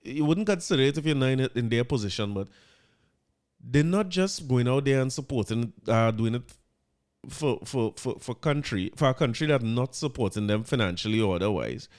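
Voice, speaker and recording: A Trinidadian man talks on his own podcast in a loose, rambling way. He keeps restarting his sentences and drifts easily into local dialect. His voice sits at an ordinary middle pitch. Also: expressive, moderate pace, a little mellow. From Trinidad and Tobago. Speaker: podcast host. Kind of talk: casual monologue.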